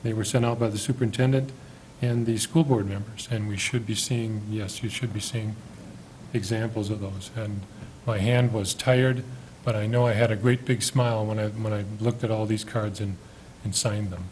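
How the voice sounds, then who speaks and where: Friendly halting man chairing a meeting. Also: on the low side, fairly even intonation, noisy background. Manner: friendly, halting, stumbles over names. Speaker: school board chair. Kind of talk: meeting proceedings.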